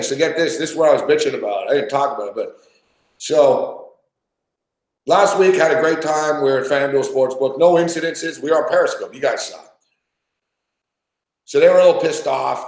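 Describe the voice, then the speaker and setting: A man's voice: mid-range voice, a little mellow. A man hosting a podcast, telling a rambling story in casual chat with lots of swearing. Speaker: podcast host. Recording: roomy echo.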